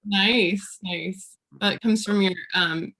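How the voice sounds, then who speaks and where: A woman's voice: mid-range voice, fairly even intonation, slow, fairly bright tone. A woman hosting a casual interview, mostly giving brief, encouraging responses and follow-up questions. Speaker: host.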